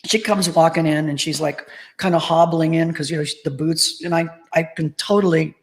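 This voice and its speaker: A middle-aged woman, a tribute band singer, chatting as an interview guest and telling lively anecdotes full of acted-out quotes. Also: low voice, normal speed, rough recording. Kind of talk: casual interview storytelling.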